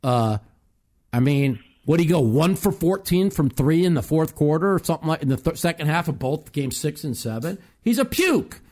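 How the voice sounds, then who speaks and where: A man's voice: fairly high pitch, a little fast, dark tone. A man hosting a call-in talk show, ranting profanely and animatedly about sports. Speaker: host.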